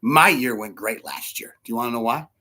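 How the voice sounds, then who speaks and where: A middle-aged male pastor preaches a sermon briskly at a medium pitch. He is animated, acting out the voices of people in his stories.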